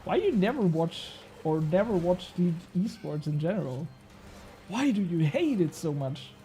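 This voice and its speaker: A man's voice: high voice, very animated, normal speed, mellow, slight background noise. A young man streaming a game, chatting casually and bantering with his chat, swearing now and then.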